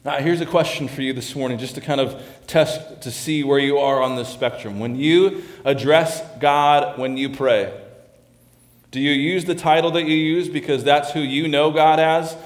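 A man's voice: fairly high pitch, steady tone, normal speed. A man preaching a sermon as pastor, talking earnestly and often restarting and repeating his phrases. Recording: roomy echo.

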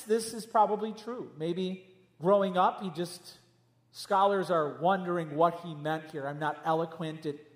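High-voiced preacher in an echoey hall. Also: male voice. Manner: conversational preaching with jokes and asides. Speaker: pastor. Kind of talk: sermon. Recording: echoey hall with long reverb.

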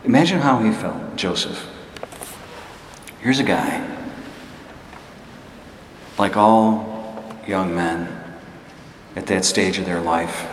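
A very deep-voiced man preaching a sermon in a large, echoing hall, with a long tail of reverb and audible room noise behind him. He tells stories in a loose, conversational way, restarting sentences and poking fun at himself. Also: fairly bright tone. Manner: conversational, halting, self-deprecating storyteller. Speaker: pastor. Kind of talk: sermon with personal story. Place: church hall before a laughing congregation.

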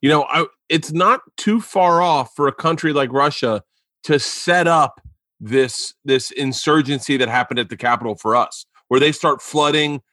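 Bright-voiced joking host, close and dry. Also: male voice, a little high, no room sound. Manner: joking, quick asides. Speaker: podcast host. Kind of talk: casual podcast chat.

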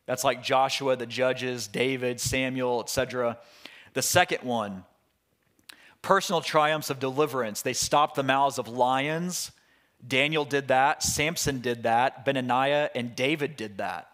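A male pastor works through a Bible passage in a relaxed, conversational manner, often restarting and drifting into asides. His voice sits in the mid-range and moves a little slowly.

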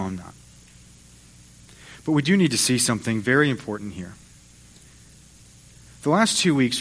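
A man preaching as a pastor, retelling an old story with storytelling flair. He speaks at a middle pitch and slips briefly into the voices of the people he describes. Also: fairly bright tone. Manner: storytelling, acts out voices of biblical figures. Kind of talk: sermon.

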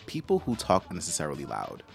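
A man's voice: low voice, huge pitch swings, fast, vocal fry, breathy edge, soft background music. A man co-hosting a podcast, chatting casually and ranting bluntly with plenty of swearing. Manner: blunt, profane, exasperated ranting. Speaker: podcast co-host. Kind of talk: casual chat.

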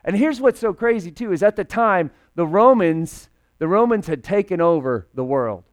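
Smooth-voiced pastor, chatty and jokey. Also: male voice, high-pitched, moderate pace. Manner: conversational, jokey, animated preaching. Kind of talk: casual, humorous sermon.

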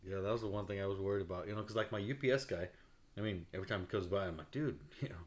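A man's voice: low voice, rapid-fire. A man hosting a podcast in casual chat, telling profane work stories, acting out quotes and laughing often. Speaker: podcast host.

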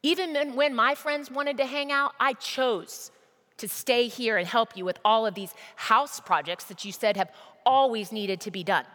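A woman's voice: fairly high pitch, moderate pace, pushed and bright, voice pushed up. A resentful teenage older brother, voiced by a woman preacher pours out indignant grievances. His voice rings with a long reverb, as if in a large hall.

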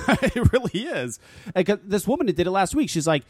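Animated, swearing talk radio host man. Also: high voice, a little fast, husky, no echo. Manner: animated, exasperated, swears freely. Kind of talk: casual profane talk radio rant.

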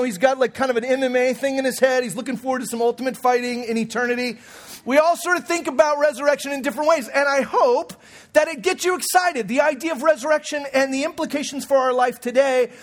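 A man in his forties preaching a sermon as pastor, in a conversational, humorous way with frequent restarts. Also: very high-pitched. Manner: conversational, humorous, self-correcting.

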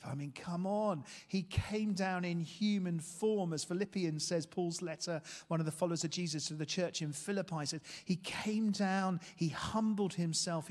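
A man preaching a sermon, telling a story with lively energy and asking his listeners questions. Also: sits high. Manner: animated storytelling, asks the room questions. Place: church hall. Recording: long hall reverb.

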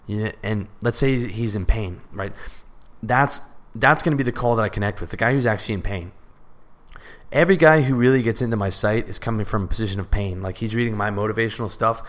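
A man giving a casual spoken lesson on sales pitching, talking bluntly and conversationally and swearing freely. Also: fairly even intonation, fairly quick, fairly bright tone. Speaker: sales and self-improvement coach.

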